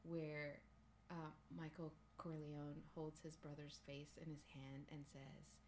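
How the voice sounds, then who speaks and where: A woman's voice: low voice, level tone, takes it slowly, background noise. A woman co-hosting a podcast, speaking candidly and wryly in casual chat. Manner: candid, wry. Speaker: podcast co-host.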